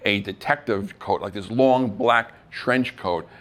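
Speaking at a measured pace in a voice on the low side, a middle-aged man shares acting-career stories on a live event stage. He's an animated storyteller who mimics the voices he quotes and laughs at himself.

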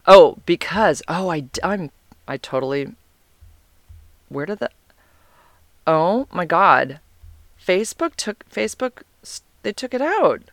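Chatty man with a bright, high voice. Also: moderate pace, vocal fry, dry recording. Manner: animated, chatty, quotes texts aloud. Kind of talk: casual storytelling.

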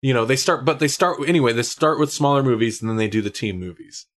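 A man co-hosting a casual podcast, speaking at an ordinary middle pitch. He sounds opinionated and works his thoughts out aloud, often restarting sentences. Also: quick pace. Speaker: podcast co-host. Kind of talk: casual chat.

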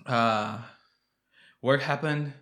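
A man's voice: mid-range voice, very slow, sharp tone. A man co-hosting a casual podcast, laid-back, with wry teasing remarks. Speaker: podcast co-host. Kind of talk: casual chat.

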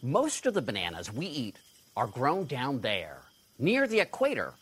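A man's voice: medium pitch, wildly swooping pitch, moderate pace, fairly bright tone, husky. Playful, sing-song male TV correspondent. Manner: playful, chatty. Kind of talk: scripted feature narration.

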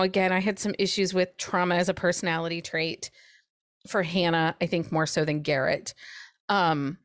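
A woman co-hosting a casual book podcast, lively and chatty, often acting out characters' lines. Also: fairly low pitch, no room sound, clean studio sound. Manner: animated, acts out characters' lines with laughs. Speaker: podcast co-host.

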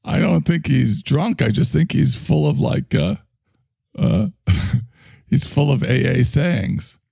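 A man's voice: mid-range voice, big pitch swings, takes it slowly, creaky, warm tone, slightly rough, dry recording, clean studio sound. A man acting as the channeler in a comic bit, talking in a matter-of-fact, slightly hesitant way.

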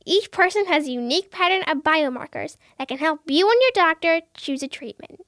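A woman co-hosting a podcast, reading out a short plain definition in a clear, explanatory way. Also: high voice, animated, brisk, a bit bright, no echo. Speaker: co-host.

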